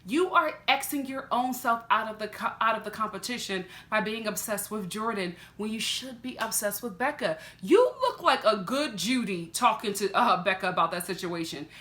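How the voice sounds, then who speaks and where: Sassy, bright-voiced woman reviewing TV. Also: medium pitch, expressive. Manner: sassy, chatty, quick to laugh. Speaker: TV reaction vlogger. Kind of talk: casual reality-TV review.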